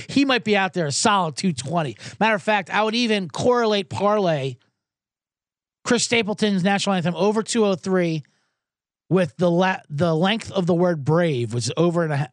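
A man's voice: sits high, no room sound, clean studio sound. A man hosting a sports betting show in loose, rambling, profane casual talk, reading out viewer comments as he goes.

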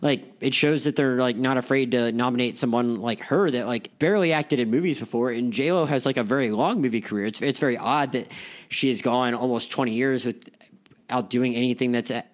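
A man's voice: medium pitch, fairly quick. Rambling young man hosting a film podcast. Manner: rambling, many fillers and restarts. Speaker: podcast host. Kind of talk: casual film podcast chat.

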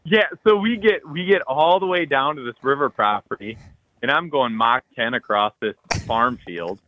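A man spins an excited hunting story on a podcast, acting out texts and quotes and jumping into loud outbursts. His voice is bright and forceful. The recording is dry and a little dull. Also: mid-range voice, moderate pace, no echo. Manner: animated, loud bursts, frequent "like", acts out texts and quotes.

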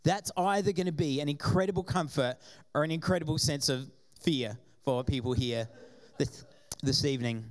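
A man's voice: fairly high pitch, moderate pace. A man from Australia preaching a sermon to his congregation, telling personal stories and acting out the voices of the people in them. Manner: animated storytelling, acting out quoted voices. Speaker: pastor. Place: church before a congregation.

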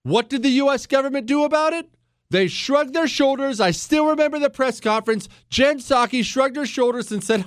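A man with a high voice hosts talk radio in a heated monologue, firing off rhetorical questions and building toward anger. His voice is close-miked and bone dry, with no room sound at all. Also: moderate pace, clean tone, no room sound. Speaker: radio talk show host. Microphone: studio microphone.

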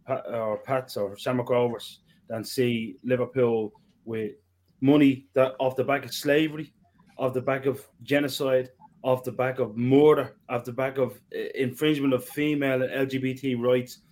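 A man's voice: medium pitch, steady tone, normal speed, darkish tone. Guy ranting hard on a football pod, swears a lot, very worked up. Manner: passionate, swearing, emphatic. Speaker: podcast co-host. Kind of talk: heated football podcast debate.

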